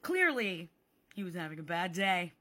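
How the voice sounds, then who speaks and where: Bright-voiced woman telling a sarcastic story. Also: mid-range voice, normal speed. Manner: animated, sarcastic, swearing freely. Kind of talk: casual storytime vlog.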